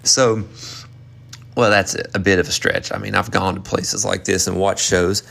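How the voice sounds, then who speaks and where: Southern guy from north carolina, 30s, low gravelly voice, rambling excited story. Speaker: performer and vlogger. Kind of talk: casual storytelling recap.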